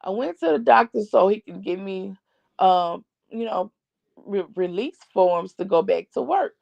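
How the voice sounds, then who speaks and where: A middle-aged woman hosting a family channel tells viewers a long story, chatty and expressive, recounting what others said with "I said, he said." Her medium-pitched voice is measured, a little mellow and has vocal fry, heard through dull, lo-fi, dry streaming audio with no echo.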